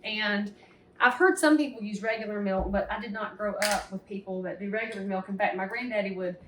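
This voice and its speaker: A woman's voice: mid-range voice, fairly quick, recorded from a distance. A woman in her forties with a Southern American accent, hosting a home cooking show in a folksy, opinionated, chatty way. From Southern United States. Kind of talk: casual cooking demonstration. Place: home kitchen. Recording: roomy, mic some way off, faint hiss.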